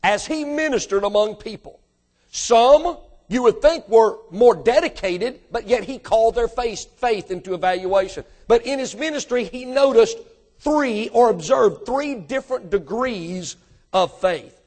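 A man with a high voice, preaching a sermon with emphatic, rising delivery. He speaks straight to his congregation, pressing them with questions. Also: a little slow, a little mellow. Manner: addresses congregation directly with questions. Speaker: pastor.

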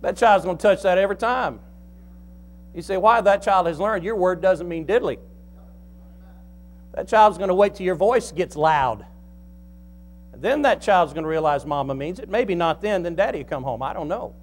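A man preaching a sermon as pastor, folksy and joking, quizzing the congregation and slowing down to stress key lines. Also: high-pitched, expressive.

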